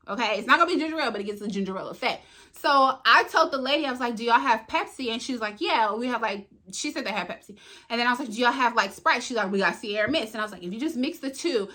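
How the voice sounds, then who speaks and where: A young woman with a high, bright, ringing voice tells a casual storytime vlog. She is animated, slips into the voices of the people in her story, and talks right to her viewers. Her delivery is chatty and expressive throughout. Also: fast talker. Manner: animated, acts out dialogue, talks straight to viewers. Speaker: vlogger.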